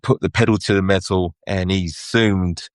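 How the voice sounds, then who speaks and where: A man with a London English accent and a very low voice tells anecdotes in a casual interview. He is chatty and lively and slips into laughter as he goes. The sound is close and completely dry. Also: moderate pace, smooth, no echo. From England. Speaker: guest photographer.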